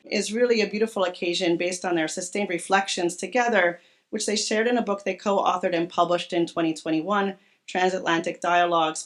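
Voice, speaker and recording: A woman, a native Spanish speaker, gives a formal introduction at an academic event, reading speaker bios with small self-corrections. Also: on the low side. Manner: self-deprecating, reads bios with small slips. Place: lecture hall.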